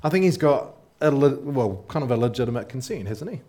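A man delivers a sermon in a relaxed, talkative way. He keeps checking in with the congregation through rhetorical questions. His delivery is loose and unscripted, full of small fillers and restarts as he thinks aloud. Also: mid-range voice, fairly quick. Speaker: preacher.

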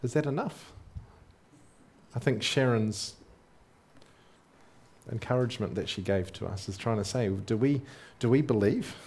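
A man delivers a sermon in a relaxed, talkative way. He keeps checking in with the congregation through rhetorical questions. His delivery is loose and unscripted, full of small fillers and restarts as he thinks aloud. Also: mid-range voice, a little slow, pauses often, breathy edge. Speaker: preacher.

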